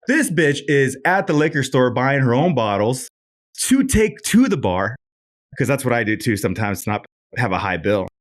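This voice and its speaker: A man at a middle pitch, hosting a podcast and rattling off animated stories laced with swearing. The delivery is loose and conversational, with quick detours along the way. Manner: profane, animated anecdotes. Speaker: podcast host. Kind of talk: casual storytelling.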